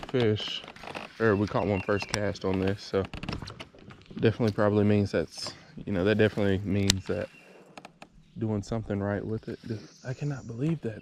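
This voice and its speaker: A man, vlogging while fishing from a kayak and talking excitedly and frustratedly to himself. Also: on the low side. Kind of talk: casual vlog talk to camera. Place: outdoors on a kayak on a lake. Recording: noisy outdoor camera audio.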